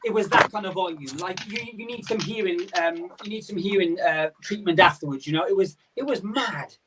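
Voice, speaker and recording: High-voiced man on a distant call mic. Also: fairly quick, fairly bright tone, slight background noise. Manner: rambling, storytelling. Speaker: guest. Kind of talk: casual chat on a video call.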